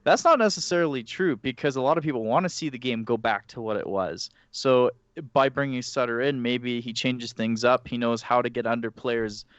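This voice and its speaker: Animated man telling a story on a podcast. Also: mid-range voice, normal speed, few pauses, smooth, no room sound. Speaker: podcast co-host. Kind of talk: casual chat. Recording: muffled mic.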